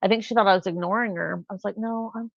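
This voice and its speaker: A woman's voice: mid-range voice, steady tone, fast, creaky, no echo. A woman hosting a casual live chat, telling rambling everyday stories. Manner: chatty, rambling storyteller. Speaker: live stream host. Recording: dull lo-fi sound.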